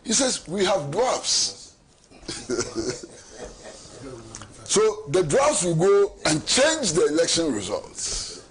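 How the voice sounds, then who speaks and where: A man's voice: on the high side, wildly swooping pitch, very slow, long pauses. A middle-aged man with a Ghanaian accent giving emphatic political commentary as a talk show host, repeating rhetorical questions. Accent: Ghanaian English.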